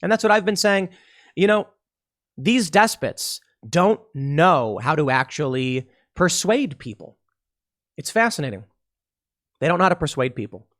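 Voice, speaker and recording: A podcast host delivering a political commentary monologue, talking emphatically and repeating himself. He restarts his sentences often. His voice sits a bit higher than most men's. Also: sing-song, measured pace, long pauses, fairly bright tone.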